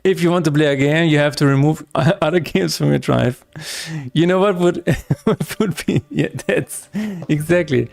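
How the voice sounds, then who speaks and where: Streaming as he codes a game, this man keeps up a loose, joking chat full of tangents and frequent laughter. He speaks at a normal speed in a slightly high, darkish voice with vocal fry.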